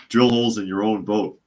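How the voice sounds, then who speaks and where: A man's voice: fairly low pitch, darkish tone. A man hosting a live news podcast, reading out reports and chat comments and answering them with sardonic remarks. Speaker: podcast host.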